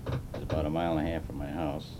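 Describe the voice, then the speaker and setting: A man in his seventies from Chicago, telling his life story slowly with many fillers in an oral history interview. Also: little pitch movement. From Chicago, USA. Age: 70s. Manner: unhurried, rambling with fillers. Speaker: interviewee, retired car designer. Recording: noisy 1980s tape with rumble.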